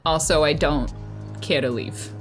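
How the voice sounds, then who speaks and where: A woman voicing a bored, low-rent female airstrip clerk in a put-on Detroit accent, talking flat and unhurried. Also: over music. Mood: indifferent. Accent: Detroit, attempted.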